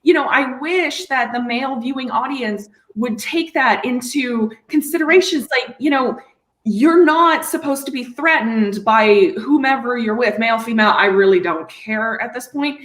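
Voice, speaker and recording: A woman's voice: a little high, moderate pace, a bit bright. Enthusiastic woman in her thirties, roomy sound. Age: 30s. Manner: enthusiastic, emphatic. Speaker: panelist. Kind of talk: casual panel chat. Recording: roomy echo.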